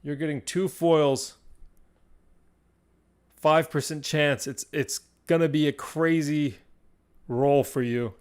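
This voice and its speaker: A young man hosting a live stream as game master, swinging between hushed, suspenseful fantasy narration and excited chat with viewers. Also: a little high, slow pace, long pauses, clean tone.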